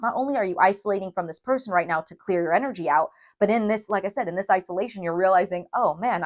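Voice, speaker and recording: A woman giving a tarot reading to viewers, emphatic and emotional, often checking in with a quick "okay?". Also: mid-range voice. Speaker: tarot reader.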